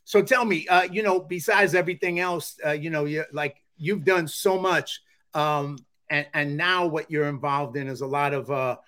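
Man, podcast host, calm, conversational, slightly high voice. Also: moderate pace. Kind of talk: casual interview talk.

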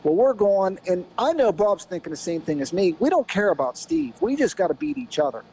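A middle-aged American man spins a long, animated anecdote as a podcast guest, his voice sitting a touch high for a man. He keeps circling back with "you know" and stacks up short bursts of action. A faint hum of background noise sits under the voice. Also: fairly quick, rough recording. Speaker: podcast guest, former off-road racer. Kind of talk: casual storytelling.

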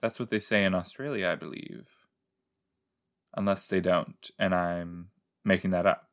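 A man's voice: sits low, fairly even intonation, a little slow, clear, resonant tone. A man hosting a podcast and giving playful, rambling commentary as he rewatches a show. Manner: playful, rambling, self-mocking. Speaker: podcast host.

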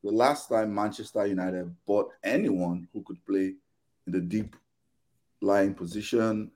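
Man, podcast panelist, animated exasperated rant, casual football chat. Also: fairly low pitch, a little slow. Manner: animated, exasperated ranting with quoted back-and-forth.

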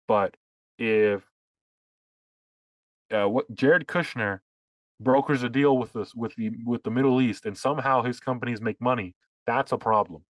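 A man holds forth on a political podcast, sarcastic and full of restarts as he builds his point. His voice sits at an ordinary pitch, recorded dry and close with no room sound. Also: steady tone, normal speed, no room sound, rough recording. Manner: sarcastic, talks in long runs with restarts. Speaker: podcast co-host. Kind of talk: casual political chat.

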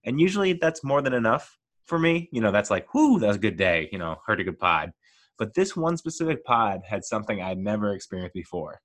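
A man's voice: fairly low pitch, sing-song, fairly quick, a bit bright. A man hosting his own podcast, talking alone and gushing with enthusiasm about things he loves. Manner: gushing, enthusiastic fan talk. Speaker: podcast host. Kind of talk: casual solo podcast monologue.

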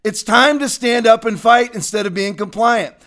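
A man's voice: very high voice, normal speed, fairly bright tone. A man hosting a religious and political livestream, speaking fervently and greeting viewers by name. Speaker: livestream host.

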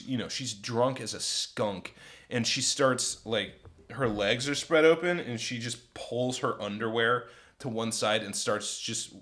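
A man in casual podcast chat, telling a story at length. His pitch sits in the middle, and he keeps jumping up into higher, louder voices for the people he quotes. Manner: animated, acts out quotes in raised voices. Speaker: podcast co-host.

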